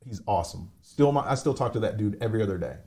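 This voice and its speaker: A man's voice: on the low side, animated, fast, darkish tone, slight background noise. A man in his forties telling a personal story as a podcast guest, candid and rambling, swearing casually. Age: 40s.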